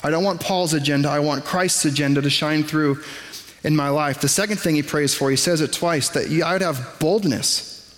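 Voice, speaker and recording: A man preaching a sermon in a conversational, self-deprecating way, with quick asides to the congregation. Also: on the high side, fairly even intonation, a bit bright, big-room sound. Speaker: pastor. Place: church sanctuary.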